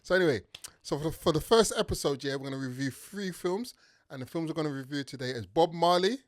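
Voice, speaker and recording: A young man with a London accent hosting a comedic film review podcast, talking in an animated way and tagging sentences with "yeah". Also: fairly high pitch, fast. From Nigeria. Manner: animated, tag questions and "yeah" fillers. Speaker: podcast host.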